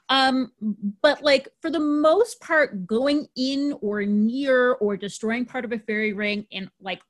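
Chatty woman with a higher voice. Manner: chatty and upbeat, frequent ums and likes. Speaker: podcast host. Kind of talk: casual folklore chat.

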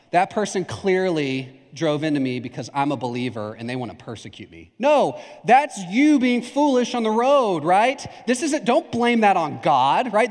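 Animated high-voiced male pastor preaching. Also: big-room sound. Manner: conversational, animated, with asides and acted-out examples. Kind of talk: sermon.

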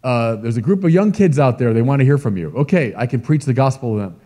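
A middle-aged man, a bishop, preaching a sermon in an emphatic, lively way with asides to the congregation. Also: mid-range voice, fast. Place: large church. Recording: long church reverb.

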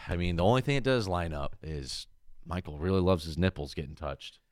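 A man with a very deep voice that swings widely as he jokes and swears through casual podcast banter. The sound is dry and close, with no room around him. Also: expressive, fairly quick, no room sound. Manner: loud, joking, swears a lot. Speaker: podcast co-host.

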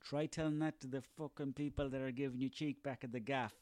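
Irish male, 30s, mid-pitched, solo comic ranter, sweary and sarcastic, dry close recording. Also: fairly even intonation, brisk, darkish tone, no room sound. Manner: profane, sarcastic, ranting, rambling. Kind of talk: comic rant monologue.

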